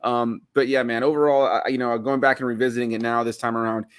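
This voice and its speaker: A man's voice: medium pitch, fairly even intonation, fast talker, smooth, dry recording. A man in his thirties from Miami, a guest reviewing a film in casual chat, rambling with lots of "like" and "you know". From Miami, United States.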